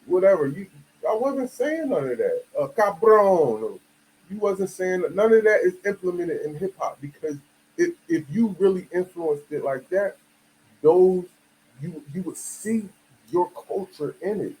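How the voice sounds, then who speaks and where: A man's voice: sits high, animated, unhurried, mellow, low-quality recording. A man from the United States giving a casual, emphatic monologue full of slang and "you feel me" asides. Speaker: video commentator.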